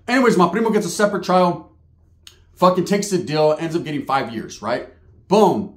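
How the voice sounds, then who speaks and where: A man's voice: on the high side, big pitch swings, fairly quick. Streetwise, profane man in an echoey room. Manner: streetwise, profane, peppered with Spanish slang. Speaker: storyteller. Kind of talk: casual storytelling monologue.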